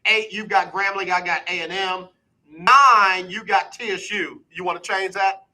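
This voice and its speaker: Bright high-voiced radio host. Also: male voice, fairly even intonation, low-quality recording. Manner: brisk, quizzing back and forth, rhythmic repetition. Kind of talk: casual sports talk radio.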